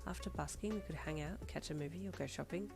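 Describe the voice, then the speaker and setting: A woman's voice: low-pitched, quick pace, vocal fry, music in the background. A woman reading a fan fiction audiobook and voicing an upbeat, affectionate teenage girl who teases eagerly. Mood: playful. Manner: bright, eager, teasing. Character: upbeat playful teen girlfriend, teasing and affectionate.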